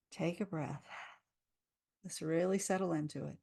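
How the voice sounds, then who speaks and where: A woman's voice: lowish voice, animated, moderate pace, vocal fry, pauses often, mellow. A woman coaching a live tapping session, speaking soothing lines for listeners to repeat. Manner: soothing, leads repeat-after-me affirmations.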